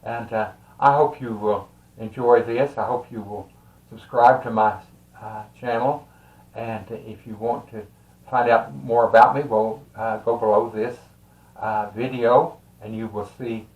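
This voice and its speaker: An older man with a Texas accent tells a family story in a casual, rambling way, with many fillers and soft chuckles. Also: on the low side, steady tone, measured pace, phone-quality sound. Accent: Texan. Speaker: storyteller and tarot reader. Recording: roomy echo.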